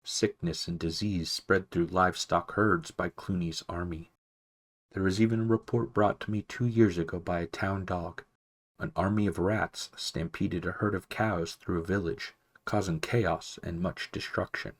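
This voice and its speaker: A man voicing an ancient male mouse archivist, wise but absent-minded, who talks softly and fussily, barely above a whisper, for a storybook reading. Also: sits low, fairly even intonation, moderate pace. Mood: stern. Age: older. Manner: soft, mumbling, fussy, barely above a whisper.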